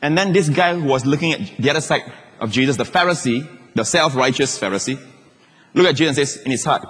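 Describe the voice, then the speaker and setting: Emphatic preacher man, husky, hall echo. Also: a little high, animated, quick pace. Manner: emphatic, repeats phrases, swings from shouting to hushed asides. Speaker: pastor. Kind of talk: sermon. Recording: long reverb of a large hall.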